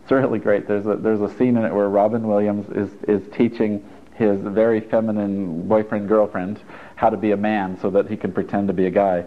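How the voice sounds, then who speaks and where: Brisk and fairly low-pitched with little pitch movement, a male therapist walks a group through a live workshop in a chatty, encouraging way, adding joking asides. The stuffy indoor room holds an audience, and the recording is tinny, lo-fi, and phone-like.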